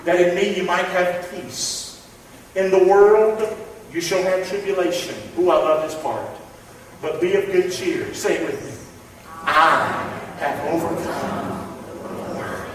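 Male pastor, high voice, call-and-response sermon, distant and roomy, reverberant sanctuary. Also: slight background noise. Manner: call-and-response preaching, swings from loud to hushed. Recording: echoey hall from far off.

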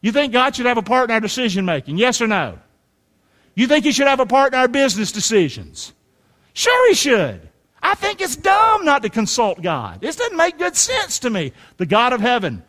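A middle-aged male pastor preaches in a folksy, down-to-earth way, his high voice swinging widely and bursting into shouts. The long reverb of a large hall trails after every line. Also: huge pitch swings, normal speed. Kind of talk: sermon.

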